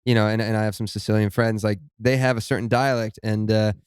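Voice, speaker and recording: A man's voice: on the low side, fast, clean tone, no echo, studio quality. A young adult man, raised in Italy and Arizona, chatting as a podcast guest and telling stories with restarts. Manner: relaxed storytelling with frequent restarts and laughs. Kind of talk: casual chat.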